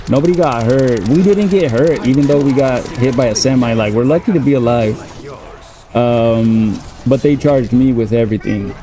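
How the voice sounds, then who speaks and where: A man's voice: medium pitch, dark tone, a little hiss or hum. A man in his thirties telling a personal story in a casual, profane, laid-back way. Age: 30s. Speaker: gaming streamer.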